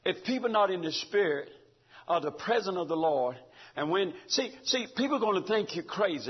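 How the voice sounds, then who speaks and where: A man preaching a fervent, rhythmic sermon, rising to shouts, recorded in dull lo-fi sound. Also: high voice, expressive, moderate pace, husky.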